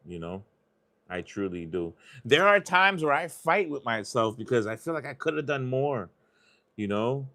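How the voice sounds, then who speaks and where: A man with a mid-range, slightly bright voice hosts a live stream, chatting casually while he scratches lottery tickets. His talk rambles and turns confessional, and he swears freely.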